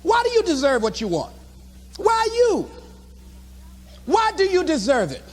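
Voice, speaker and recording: A man giving a motivational speech to a live audience, telling stories with animated delivery and shouting out his own acted lines. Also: extremely high pitch, unhurried. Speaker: motivational speaker.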